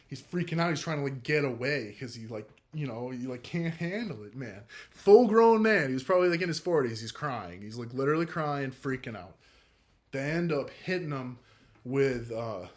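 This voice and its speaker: Young adult man, relaxed first-person storyteller, profane and filler-heavy delivery. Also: mid-range voice. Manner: laid-back, profane, heavy use of filler "like".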